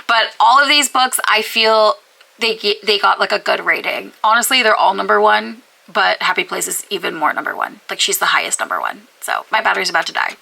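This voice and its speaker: A woman's voice: fairly high pitch, gravelly, bright, forceful tone, low-quality recording. A woman chatting casually to camera as a book vlogger, gushing and filling her talk with "like", sometimes dropping to a whisper for emphasis. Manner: gushing, filler-heavy with frequent "like".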